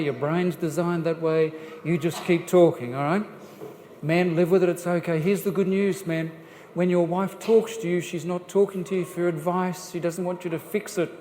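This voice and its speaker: A man giving a jokey, lively church seminar talk on family life, putting questions straight to the audience. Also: a little high, slight background noise. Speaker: guest speaker on family life. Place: church hall. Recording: echoey church hall, faint ambience.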